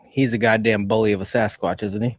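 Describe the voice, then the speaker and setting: A man's voice: lowish voice, fairly even intonation, a little fast, dry recording. A man joining a live stream as co-host, chatting casually and swearing easily. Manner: laid-back, profane, laughing. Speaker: co-host guest.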